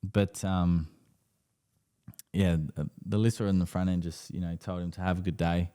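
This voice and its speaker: Low mellow Australian man, swearing freely. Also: normal speed, clean tone. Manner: swears freely, rambling animated storytelling. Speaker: podcast co-host. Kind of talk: casual live podcast chat.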